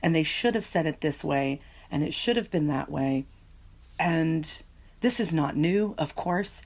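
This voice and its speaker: Woman, professor, podcast guest, animated storyteller, slightly low pitch. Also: measured pace. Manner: animated storytelling, laughs easily. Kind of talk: podcast conversation.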